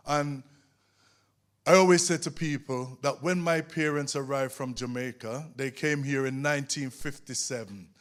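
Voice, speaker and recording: A man from Britain speaking passionately as a guest at a live panel discussion, often checking in with "you know what I mean". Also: a little high. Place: museum event space.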